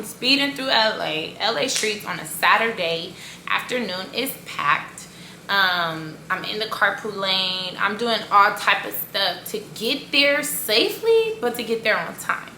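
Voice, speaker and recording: Animated gravelly woman telling a storytime. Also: mid-range voice, a little slow, slight background noise. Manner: animated, filler-heavy retelling with sound effects. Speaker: cake business owner. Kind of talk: casual storytime vlog. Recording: echoey room.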